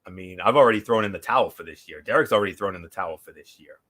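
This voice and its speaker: A man's voice: low-pitched, very fast, a bit bright, slight background noise. A man hosting a casual wrestling talk show, rambling through memories with many fillers and restarts. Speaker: podcast host.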